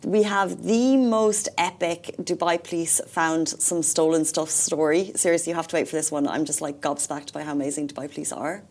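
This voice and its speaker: A woman's voice: sits low, normal speed, few pauses. Chatty woman co-hosting a morning show. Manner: chatty, laughs easily, animated. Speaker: co-host. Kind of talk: casual morning show chat.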